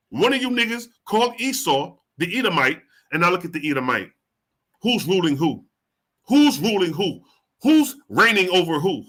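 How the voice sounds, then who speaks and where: A man's voice: high voice, sharp tone, breathy edge. A man hosting a reaction show, preaching heatedly and firing off rhetorical questions, with heavy profanity. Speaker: host reacting to a video. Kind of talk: profane street-preaching commentary.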